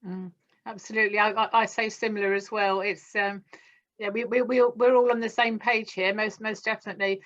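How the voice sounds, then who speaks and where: A woman's voice: mid-range voice, level tone, a little fast, fairly bright tone. A woman hosting an interview, agreeing eagerly and stammering over repeated words. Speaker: host. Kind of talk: interview chat. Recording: dull lo-fi audio.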